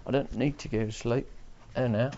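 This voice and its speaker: A man's voice: mid-range voice, steady tone, normal speed, mellow, lo-fi sound. Podcast host, male, offhand and self-mocking, slight hiss under a home mic. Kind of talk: rambling solo podcast chat.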